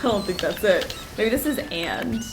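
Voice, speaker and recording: A woman's voice: mid-range voice, lively intonation, measured pace, echoey room, noisy background. A woman streaming a puzzle game, chatting casually and thinking aloud as she solves it. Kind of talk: casual gameplay commentary.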